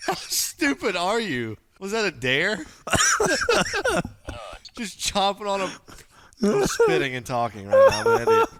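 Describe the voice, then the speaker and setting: A man's voice: sits high, wildly swooping pitch, measured pace. A man streaming and reacting to videos in casual, crude commentary, laughing often between jokes. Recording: loud background noise.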